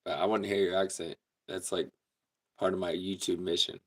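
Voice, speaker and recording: In a brisk, steady, low-pitched voice, a man runs a relaxed livestream. He reads out viewer comments and chats with his audience, laughing a lot.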